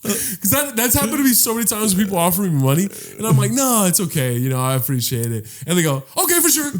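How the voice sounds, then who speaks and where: A man's voice: sits high, sing-song, fast, a little hiss or hum. A man co-hosting a podcast in casual chat, joking around and swearing as he riffs on bits. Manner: joking, profane, playful riffs. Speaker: podcast co-host.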